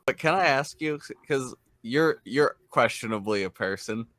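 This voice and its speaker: A man playing in a tabletop game, asking playful deadpan questions. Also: medium pitch, a little slow, no room sound. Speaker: player.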